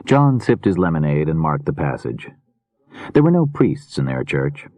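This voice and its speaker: Man, audiobook narrator, very low voice, lively intonation, dry close sound. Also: moderate pace, no room sound. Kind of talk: scripted narration.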